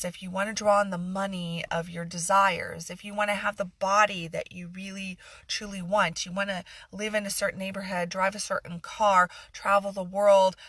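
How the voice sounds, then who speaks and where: A woman's voice: mid-range voice, fairly bright tone, dry recording. A middle-aged woman coach giving a passionate motivational talk on a phone livestream, repeating phrases for emphasis and slipping into sarcasm. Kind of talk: live-streamed motivational talk.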